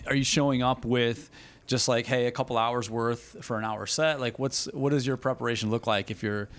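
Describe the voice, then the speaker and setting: A man's voice: medium pitch, steady tone, normal speed, fairly bright tone. A man hosting a casual podcast chat, easygoing, with loose phrasing and frequent laughter. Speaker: podcast host.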